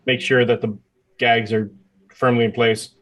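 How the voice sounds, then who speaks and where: A man narrating as dungeon master in a tabletop game, with halting, filler-heavy delivery. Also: medium pitch, level tone, a bit bright.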